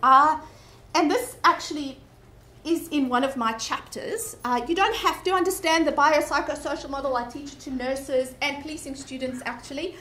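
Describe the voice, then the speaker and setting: A woman's voice: high voice, moderate pace, a bit bright. A woman with a South African accent giving an earnest conference talk, often restarting her sentences. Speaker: conference speaker. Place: conference breakout room. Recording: echoey conference room.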